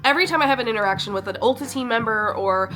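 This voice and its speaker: Chatty, bright-voiced young woman vlogger. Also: fairly high pitch, very fast, faint music behind. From Chicago, USA. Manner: chatty, sentimental, filler-heavy. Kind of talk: casual vlog chat.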